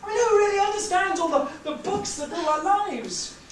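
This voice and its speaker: A woman's voice: very high-pitched, animated, a little fast. Woman playing a desperate troubled husband. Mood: impassioned. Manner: intense, swinging between hushed and shouting. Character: troubled questioning husband, adult man. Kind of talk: stage acting. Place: theatre stage. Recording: echoey hall from far off, noisy.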